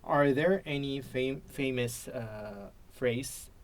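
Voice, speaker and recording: A man's voice: medium pitch, takes it slowly, slight background noise. An Indonesian man practicing spoken English, hesitant, often repeating and restarting while he searches for words. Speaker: English learner and teacher. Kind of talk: practice conversation.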